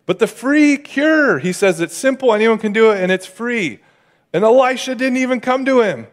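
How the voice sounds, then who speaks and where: A male pastor from the Pacific Northwest delivering a casual, animated sermon, acting out the voices of the people he describes. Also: very high voice, normal speed. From Northern California or Oregon.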